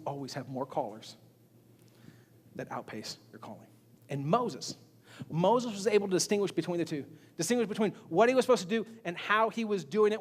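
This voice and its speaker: A man's voice: a little high, slightly rough. A man preaching a sermon as pastor, talking conversationally, often repeating words and acting out little quoted exchanges. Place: church sanctuary. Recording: long reverb of a large church hall.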